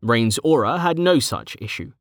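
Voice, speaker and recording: A man's voice: mid-range voice, no echo. Man narrating a fantasy audiobook, dry sound. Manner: steady, measured storytelling.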